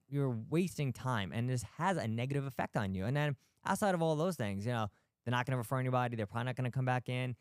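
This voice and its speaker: A physical therapist hosts a podcast talk for healthcare practice owners, his mid-range voice clean and echo-free in a clean studio sound. He's blunt and emphatic, firing off rhetorical questions and the odd swear word.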